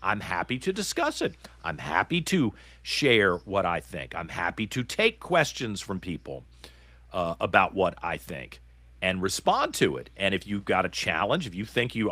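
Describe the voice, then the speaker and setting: A man's voice: lowish voice, huge pitch swings, moderate pace, a bit bright, no echo. A middle-aged man from Virginia hosting a political talk show, ranting with indignant passion. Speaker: podcast host.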